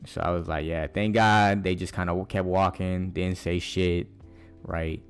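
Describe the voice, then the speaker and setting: A man's voice: deep voice, level tone, unhurried, clean tone. A young man talks loosely into the mic, hosting his own podcast. He rambles, swears freely and drops slang every few words. A faint guitar plays underneath. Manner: rambling, profane, slangy, full of "bruh". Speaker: podcast host. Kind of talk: casual monologue storytelling.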